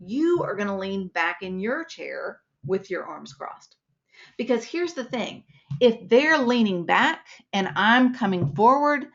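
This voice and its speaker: A woman's voice: medium pitch, gravelly, dull audio. A woman instructor giving a live webinar lesson, explaining points with acted-out examples.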